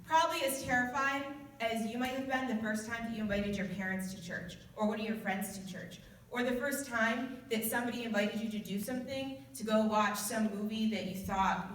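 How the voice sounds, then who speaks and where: Woman youth speaker, slightly high voice, conversational and earnest, recorded from a distance in a very echoey church room. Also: brisk, hardly any pauses, a bit bright. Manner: earnest and conversational, with frequent restarts. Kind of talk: informal youth sermon.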